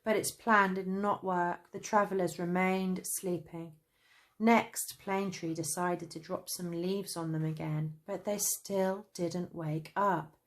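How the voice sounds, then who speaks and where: A woman with a British accent narrating a children's story, gentle and even. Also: lowish voice. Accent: British English. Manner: slow, gentle, lively voices.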